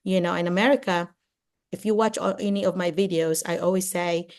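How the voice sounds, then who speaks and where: An older woman from the Philippines, a retired teacher giving lively advice on a video call, acting out classroom exchanges. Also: on the low side, a little fast. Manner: animated, acts out classroom exchanges, many "you know"s. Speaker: retired teacher and administrator, guest speaker.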